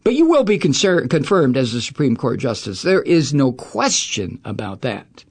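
A man's voice: medium pitch, big pitch swings, normal speed, slightly rough. A middle-aged man hosting a talk radio show, ranting about politics in an angry, profane, sarcastic way. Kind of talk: political rant.

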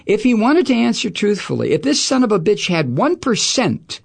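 A man's voice: sits high, very animated, moderate pace, vocal fry. A middle-aged man hosting a talk radio show, ranting about politics in an angry, profane, sarcastic way. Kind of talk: political rant.

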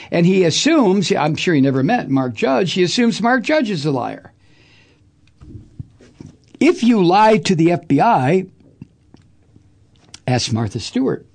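Hosting a political talk radio show, a man rants with profanity and sarcasm, mocks people through impressions, and then reads sponsor messages. His voice is high and creaky, and his delivery is heated.

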